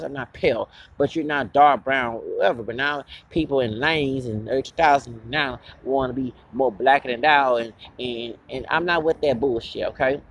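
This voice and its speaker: A man's voice: medium pitch, a little hiss or hum. A man hosting his own channel, delivering an angry, profane and rambling confrontational vlog rant. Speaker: channel host.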